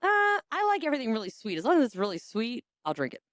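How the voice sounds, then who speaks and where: A woman with a country twang chats on her podcast. Her voice sits a little high and swings all over the place with lots of laughter and a few casual curse words. The sound is close and dry. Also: fast, no echo. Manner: animated and laughing, swears casually. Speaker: podcast host. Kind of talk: casual chat.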